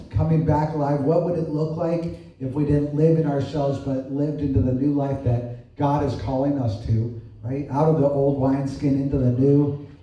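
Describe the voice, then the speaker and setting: A man's voice: a little high, mellow. A man preaching a sermon in a conversational way, asking rhetorical questions and often adding "right?". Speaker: pastor. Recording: echoey distant room sound.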